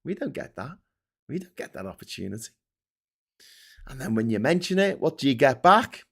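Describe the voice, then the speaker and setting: A man's voice: mid-range voice, very animated, moderate pace, gravelly, long pauses, a bit bright, husky. A man hosting casual political commentary in a sarcastic, profane ranting manner. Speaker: host.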